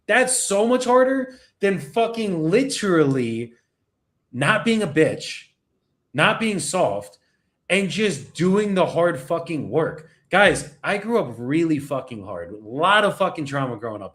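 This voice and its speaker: A man hosts a casual motivational talk. His voice sits a little high and swings widely in pitch. He is blunt and animated, and he swears constantly. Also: normal speed. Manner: blunt, heavily profane, animated.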